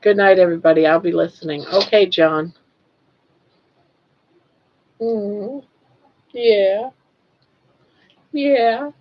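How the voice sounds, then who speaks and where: A woman's voice: mid-range voice, takes it slowly, long pauses. An older woman hosting a casual livestream, cooing baby talk at her pet. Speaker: livestream host. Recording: dull lo-fi livestream audio.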